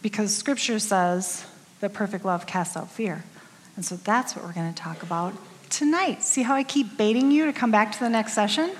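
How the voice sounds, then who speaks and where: Speaking to women as a ministry leader, this woman in her fifties gives a chatty sermon full of personal anecdotes and candid jokes at her own expense. Her voice is mid-range at a normal speed, with a bit of hiss or hum and the long echo of a big hall.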